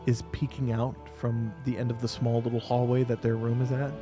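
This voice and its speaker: Relaxed male game master narrating. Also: mid-range voice, a little fast, over music. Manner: relaxed storytelling with fillers.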